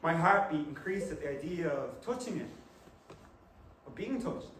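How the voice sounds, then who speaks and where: A young man from the West of Ireland with an Irish accent, performing a comic stage monologue, animated and exclaiming as he jumps between inner voices. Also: on the high side, normal speed. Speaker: actor. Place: theatre stage. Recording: echoey live stage recording from far off, noisy.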